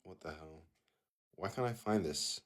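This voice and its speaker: A man's voice: low voice, a little slow. A man hosting a live online debate, talking in a lecturing, patronizing way. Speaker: debate host.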